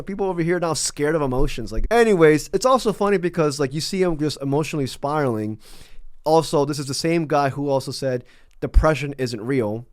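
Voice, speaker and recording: A commentary YouTuber gives loose, laid-back, mocking commentary on a video clip, full of fillers and restarts. His voice is a little high, with no echo.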